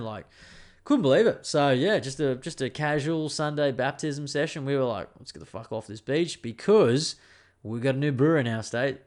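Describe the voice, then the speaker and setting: A young man hosting a podcast, telling a story in an animated, swearing, casual way. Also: mid-range voice. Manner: animated, swears freely, lots of fillers. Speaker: podcast host.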